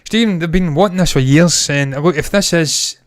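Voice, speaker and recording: A man co-hosting a casual movie podcast, excitable and swearing a lot. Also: a little high, moderate pace, no room sound, clean studio sound. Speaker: co-host.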